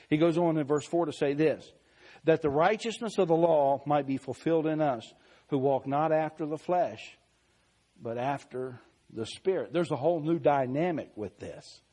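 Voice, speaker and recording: A man preaching a sermon, reading scripture slowly and deliberately, swelling louder on key phrases and dropping soft. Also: a little high.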